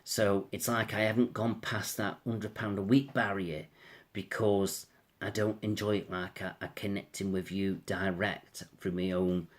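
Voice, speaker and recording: Man, casual astrology reading, rambling, reassuring, low-pitched. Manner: rambling, reassuring, repeats "I feel so". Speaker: astrologer and tarot reader.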